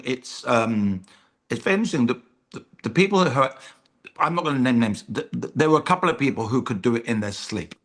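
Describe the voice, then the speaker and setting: British comedian guy rambling thru anecdotes, lots of ums, plain middle voice. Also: medium pitch. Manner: chatty storyteller, self-deprecating jokes, many ums. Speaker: comedian guest. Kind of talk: casual chat.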